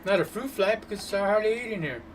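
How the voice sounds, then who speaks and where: A man's voice: high-pitched, quick pace, background noise. A man casually commenting on a pinball game, cursing and laughing. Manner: profane, laughing, animated. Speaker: gamer. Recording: distant mic with loud game music.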